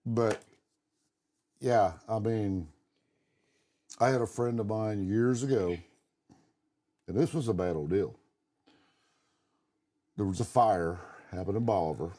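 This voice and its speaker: A middle-aged podcast co-host tells long personal stories in a blunt, casual way, swearing freely. His fairly low, warm voice moves slowly, with long pauses.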